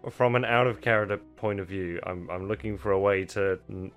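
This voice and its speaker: A man's voice: lowish voice, steady tone, fairly quick, smooth, faint music behind. A man player chatting at a tabletop game in a hesitant, stumbling way.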